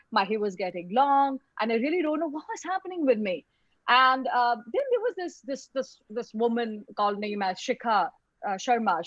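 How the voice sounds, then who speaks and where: A woman tells her own story in a web lecture, halting and repeating words as she goes, heard over a video call microphone. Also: on the high side, no echo, dull audio.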